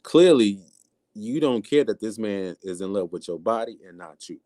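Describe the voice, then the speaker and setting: Here the livestream host's voice sits fairly low and moves at a normal speed, with a dry recording. He keeps his casual commentary blunt and lively, impersonating the quotes he relays.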